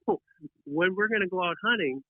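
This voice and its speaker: A man who is a guest on a podcast, telling a hunting story in an animated, rambling way with many restarts, heard over tinny phone-line audio. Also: mid-range voice, normal speed. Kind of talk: casual storytelling.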